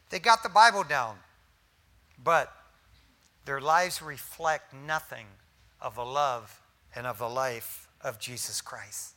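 A man preaching a sermon as a pastor, folksy and animated, with slangy asides, swinging from loud emphasis down to near-whispers. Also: high-pitched.

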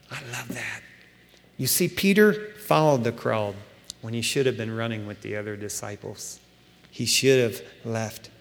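Animated preacher man in a reverberant hall. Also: medium pitch. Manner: animated, emphatic, colloquial asides. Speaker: pastor. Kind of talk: sermon.

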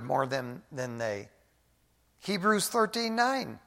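A male pastor preaching a sermon in a casual way, often saying "man" and swinging from quiet asides to loud emphasis. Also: mid-range voice, unhurried, vocal fry, long pauses. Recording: echoey hall.

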